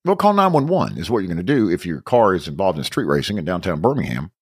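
A man co-hosting a podcast in casual chat, quick and joking, cutting in with questions. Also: low voice, sing-song, husky, no echo, studio quality. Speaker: podcast and radio host.

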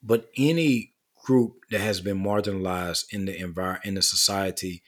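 A man's voice: low-pitched, steady tone, normal speed. A man speaking as a guest author in a casual interview, earnest, building long lists with rising emphasis.

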